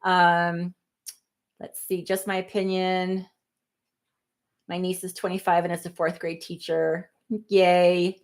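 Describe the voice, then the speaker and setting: A woman in her fifties hosting a casual livestream, reading viewer comments aloud in a chatty, apologetic way with quick asides. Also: fairly low pitch. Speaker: livestream host.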